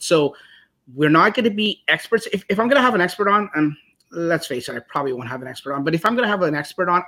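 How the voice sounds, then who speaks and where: A man's voice: a little high, a bit bright. A man casually introducing his first podcast, chatty and loose, correcting himself as he goes. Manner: chatty, self-correcting, laughs easily. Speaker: podcast host.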